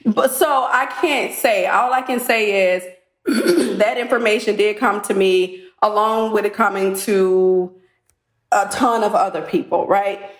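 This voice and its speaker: A woman's voice: mid-range voice, unhurried. A woman reality TV cast member telling a candid story in a podcast interview. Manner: candid, retells conversations. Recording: roomy echo.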